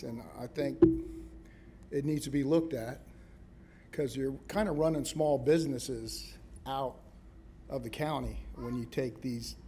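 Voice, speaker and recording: Plainspoken man with a mellow voice. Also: mid-range voice, a little hiss or hum. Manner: plainspoken, loose and rambling. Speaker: public commenter. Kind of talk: public comment at a county zoning hearing.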